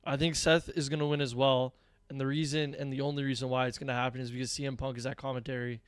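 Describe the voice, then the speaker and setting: A man co-hosts a relaxed podcast chat, slangy and sure of himself. His voice sits mid-pitch and is recorded dry and close. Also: fast, clean tone, no room sound. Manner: slangy, confident, says bro a lot. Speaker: podcast co-host. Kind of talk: casual chat.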